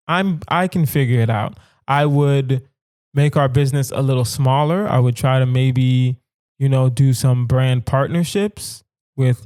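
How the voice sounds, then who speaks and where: Alone at the mic, a young comedy podcaster talks straight to his audience, working through hypothetical dilemmas with mock-serious asides. The solo comedic monologue features his smooth, medium-pitched, slightly mellow voice in studio-quality audio with no room sound.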